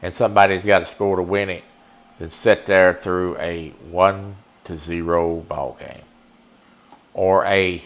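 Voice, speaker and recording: A man's voice: sits low, fairly even intonation, unhurried. A man giving casual, folksy live-stream commentary while playing a baseball video game and chatting with viewers. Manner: folksy, chatty, talks to the chat.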